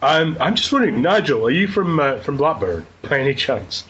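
A man's voice: fairly high pitch, sing-song, a little fast, a bit bright, slightly rough. A man chatting on a podcast, playful and prone to giggling. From Burnley, England. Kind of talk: casual chat on a podcast. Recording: dull lo-fi sound with faint noise.

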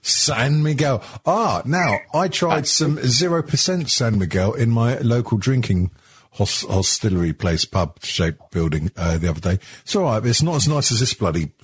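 A man's voice: medium pitch, moderate pace, breathy edge. A man hosting a casual podcast chat over a video call, teasing and joking with his guests. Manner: jokey, teasing, lively banter. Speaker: podcast host. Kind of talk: casual chat among friends.

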